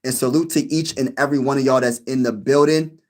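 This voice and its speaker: A man's voice: mid-range voice, steady tone, a little fast, a little mellow. A man hosting his own sports channel, talking casually to his viewers, repeating himself and laughing at his own jokes. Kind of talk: casual sports vlog chat.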